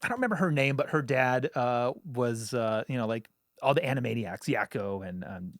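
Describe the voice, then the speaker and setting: A man's voice: medium pitch, lively intonation, no echo. A man co-hosting a studio podcast, talking in a loose, casual way with lots of fillers and the odd curse. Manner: loose, swearing, lots of filler words and quick asides. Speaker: podcast co-host. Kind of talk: casual chat.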